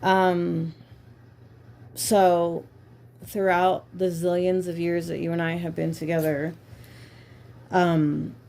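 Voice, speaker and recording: A woman's voice: lowish voice, little pitch movement, slow pace, vocal fry, long pauses, a little mellow. A woman hosting a podcast, talking candidly and casually with lots of swearing and filler words. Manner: candid, profane, filler-heavy. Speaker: podcast host. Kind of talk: casual chat.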